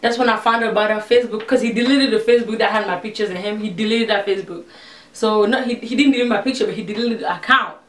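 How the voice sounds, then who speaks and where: A woman's voice: medium pitch, quick pace. Chatty young woman in a roomy space. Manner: chatty, retells conversations with quoted voices. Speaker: vlogger. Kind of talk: casual storytime monologue. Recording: roomy, a little distant from the mic.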